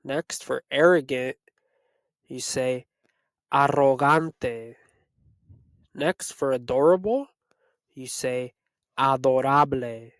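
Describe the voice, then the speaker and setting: A man teaching Spanish, reading a vocabulary list and repeating each word slowly to drill it. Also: mid-range voice, no echo. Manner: slow, repetitive word-by-word drilling. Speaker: Spanish tutor. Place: Los Angeles area.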